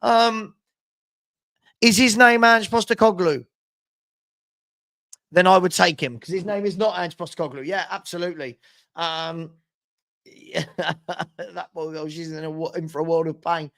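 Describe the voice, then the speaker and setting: High-voiced man hosting a live stream. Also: fairly even intonation, measured pace, pauses often, a bit bright. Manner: chatty, reads out viewer comments. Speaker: watchalong host. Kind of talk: casual live-stream chat.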